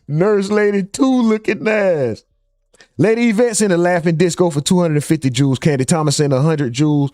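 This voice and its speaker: A man's voice: fairly high pitch, fairly quick, darkish tone, no room sound, clean studio sound. A man hosting a live stream, casually reading out chat comments and joking with viewers. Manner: loose, joking, reads chat names aloud.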